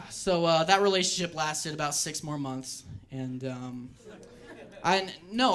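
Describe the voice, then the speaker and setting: A young man doing a stand-up comedy set on a club stage, telling animated stories and mimicking the voices of people in them. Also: sits high.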